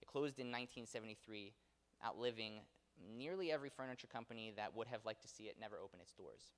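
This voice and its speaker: A man's voice: fairly low pitch, quick pace. A man giving a local history lecture in a conversational way, with many fillers and self-corrections. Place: theater auditorium. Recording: long hall reverb.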